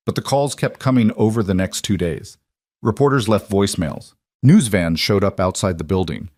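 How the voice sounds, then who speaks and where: A man reading a dramatic story as a narrator, in a steady, even storytelling manner. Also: fairly low pitch, no echo, clean studio sound.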